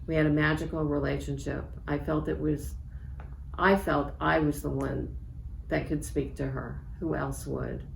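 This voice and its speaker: A woman in her sixties, an author reading aloud from her memoir in a measured, reflective way. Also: low-pitched, steady tone, vocal fry. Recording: echoey room with faint background noise.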